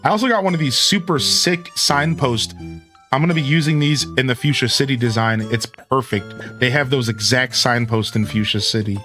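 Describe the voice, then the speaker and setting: A man's medium-pitched voice comes across pushed and bright at normal speed, with soft music in the background. He's doing laid-back let's play commentary, greeting chat, humming along, and calling things "dude."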